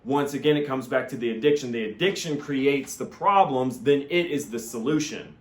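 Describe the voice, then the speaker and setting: Man, rambling vlog monologue, earnest, lots of filler words, middle pitch, echoey room. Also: moderate pace. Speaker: vlogger. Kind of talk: casual personal monologue.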